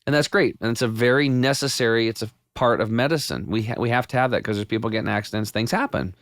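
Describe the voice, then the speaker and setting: A man guest on a podcast, telling his health story in a casual, animated way with many restarts. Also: mid-range voice, quick pace, dry recording. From United States. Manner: animated storyteller with frequent restarts and quoted self-talk.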